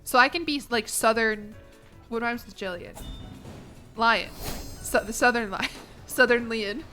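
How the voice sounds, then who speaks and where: A woman's voice: fairly high pitch, a little slow, pushed and bright, soft background music. Joking young American woman streamer. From United States. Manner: joking, self-mocking, laughs often. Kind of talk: casual live-stream gaming commentary.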